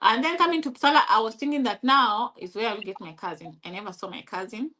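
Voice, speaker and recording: A young Kenyan woman with a high, lively-pitched voice, speaking with a Kenyan accent. She talks animatedly and restarts her sentences often, slipping into Swahili now and then. Her tone is bright and sharp. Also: quick pace, a little hiss or hum, poor audio. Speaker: interview guest. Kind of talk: casual conversational interview.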